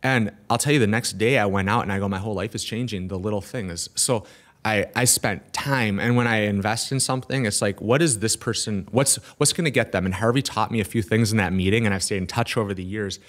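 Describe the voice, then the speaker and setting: A man, a business owner, telling a story as a podcast guest in animated, quick bursts with frequent restarts. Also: on the low side. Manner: animated, rushes through with restarts. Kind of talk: casual storytelling interview. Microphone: podcast studio mic.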